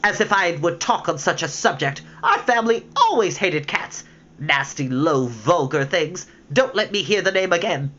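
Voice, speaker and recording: A woman voicing an easily offended little mouse with a shrill, passionate voice for a read-aloud storybook. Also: very animated, slow pace, hardly any pauses, fairly bright tone, heavily acted. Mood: outraged. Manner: outraged, trembling. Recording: dull lo-fi with faint hiss.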